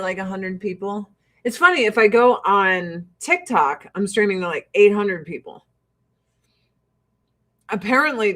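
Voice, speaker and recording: A woman's voice: medium pitch, fairly bright tone. A woman in her forties ranting on a casual livestream, profane, heated and sarcastic.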